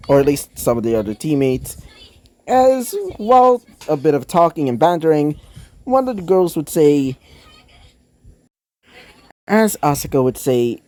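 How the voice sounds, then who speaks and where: A man's voice: a little high, mellow, dry recording. A man casually narrating a fan story aloud, rambling with fillers and restarts. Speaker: fan fiction reader.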